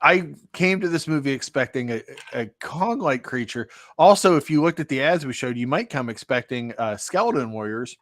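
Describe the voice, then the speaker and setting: A man talks through a cheap monster movie in loose, rambling podcast banter, sarcastic and quick to mock. His voice sits at an ordinary pitch and sounds dry and close to the mic. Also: animated, fairly bright tone, no echo. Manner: rambling, sarcastic, acts out quotes. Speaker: podcast co-host. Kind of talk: casual movie review chat.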